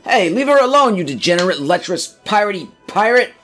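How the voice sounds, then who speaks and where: A man doing a high, exasperated young hero. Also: huge pitch swings, moderate pace, husky, soft background music, full character voice. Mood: indignant. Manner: exasperated, loud, high-pitched. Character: impatient young male adventurer.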